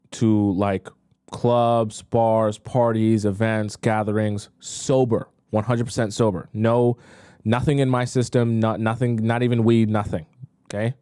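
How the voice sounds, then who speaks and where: A man's voice: medium pitch, warm tone, no echo, clean studio sound. A man, a dating coach, chatting emphatically on a live stream as he reacts to clips.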